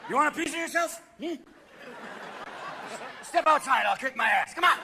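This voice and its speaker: A man's voice: extremely high pitch, expressive, moderate pace, crowd noise, pitched above the performer's own voice. A man voicing a belligerent drunk picking a fight at a bar, slurred, aggressive and profane, recorded at a live show. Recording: live show, loud audience noise.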